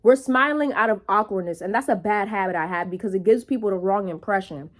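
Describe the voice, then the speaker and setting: Full of profanity and quick remarks aimed at her viewers, this young woman tells a story in a lively, casual vlog. Her voice sits in the mid range.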